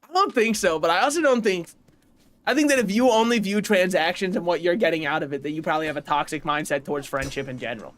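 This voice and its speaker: A man in his twenties talking casually while streaming a game, animated and laughing, swearing and rambling off on tangents, on a desk mic at home. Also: high voice, quick pace. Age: 20s. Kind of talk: casual gaming livestream chat.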